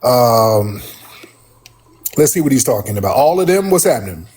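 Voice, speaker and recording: Male livestream host, storyteller type, lively pitch, bit husky, jumps into voices. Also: moderate pace. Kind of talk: casual storytelling on a live stream.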